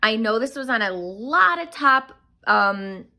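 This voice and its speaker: A young woman chats about books she loves, her voice bright and her tone gushing and exclamatory. She sounds a little out of breath as she talks in a casual, excited way. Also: fairly high pitch, a little slow. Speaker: book reviewer. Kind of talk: casual book review.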